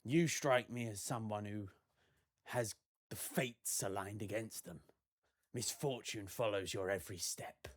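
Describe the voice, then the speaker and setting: Cryptic elderly shaman, played by a man, slow solemn murmur. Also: fairly low pitch. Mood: ominous. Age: older. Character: old wise male marsh shaman, cryptic.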